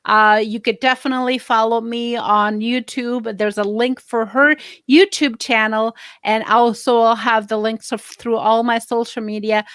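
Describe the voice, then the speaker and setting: Effusive, chatty woman host, fairly high voice. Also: steady tone, a little slow, hardly any pauses, fairly bright tone, dry recording, clean studio sound. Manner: chatty, effusive, many fillers. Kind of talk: casual online interview.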